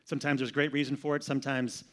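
A man's voice: medium pitch, flat delivery, fast talker. A man preaching a sermon in a conversational manner, often repeating words as he goes. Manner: conversational, repeats words, shifts between loud and soft. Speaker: pastor.

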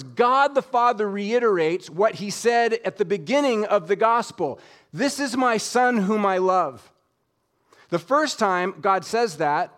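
A man preaching a sermon, expressive, dropping soft and low when he quotes scripture. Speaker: pastor.

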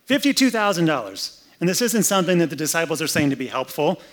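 A man's voice: fairly high pitch, sing-song, quick pace, a bit bright. A pastor giving a conversational, humorous sermon indoors, acting out the story as he goes. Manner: conversational, humorous, acts out scenes. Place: air-conditioned room, indoors.

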